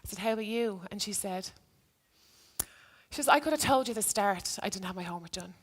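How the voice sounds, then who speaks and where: A woman, a teacher telling a story in a talk to an audience, earnestly reenacting a conversation with softer, hushed quoted lines. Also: medium pitch, expressive, fairly quick.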